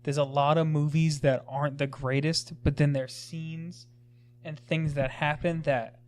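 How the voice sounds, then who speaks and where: A man co-hosting a casual movie review chat, chiming in with quick agreement and opinions. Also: a little high, flat delivery, darkish tone. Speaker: podcast co-host.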